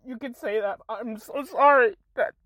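A young woman making a tearful apology video, close to tears, halting and restarting her sentences as she apologizes again and again. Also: on the high side, a bit bright, no room sound. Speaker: content creator.

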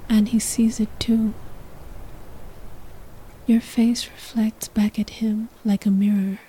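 A woman's voice: a little high, flat delivery, slow pace, dark tone, slight background noise, low-quality recording. A woman narrating a sensual story in the second person, in a whispered role-play.

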